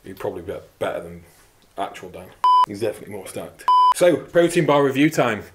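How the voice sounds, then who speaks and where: Heavy background noise surrounds this young fitness-channel host, whose voice sits on the low side. Fairly quick and very animated, he cracks crude jokes and swears a lot while casually reviewing a product.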